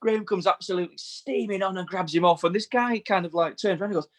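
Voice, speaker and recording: A man's voice: high voice, fast. Rambling man telling tour stories. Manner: rambling storyteller, laughs through anecdotes. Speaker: touring bass player. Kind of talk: casual chat.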